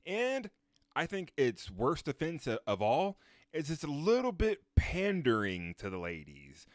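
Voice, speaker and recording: A man co-hosting a casual film podcast, animated and crude as he jokes about a movie. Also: fairly high pitch, measured pace, no room sound, studio quality. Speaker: podcast co-host. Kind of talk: casual film review chat.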